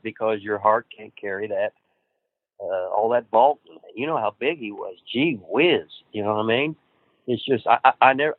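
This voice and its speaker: A man's voice: on the low side, dry recording. Profane storytelling man on a phone line. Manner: profane, animated, laughs at his own stories. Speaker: wrestling trainer, guest. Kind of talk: casual storytelling interview. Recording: dry tinny phone-like line.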